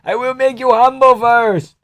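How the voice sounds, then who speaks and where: A man putting on a hyped-up male fighter who bellows slogans in slow, drawn-out shouts. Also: very high voice, steady tone, pitched above the performer's own voice. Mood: bellowing.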